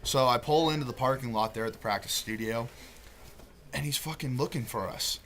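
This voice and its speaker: A man's voice: medium pitch, fairly quick, a bit bright, slight background noise. Profane young man telling a story. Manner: profane, laid-back storytelling. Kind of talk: casual story among friends.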